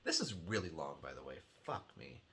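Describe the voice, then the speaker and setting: A man's voice: rumbling low, huge pitch swings, brisk, bright, forceful tone, breathy edge. A man hosting a weekly video game release show, chatting casually in a sardonic way, swearing freely and laughing often. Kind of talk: casual rambling commentary.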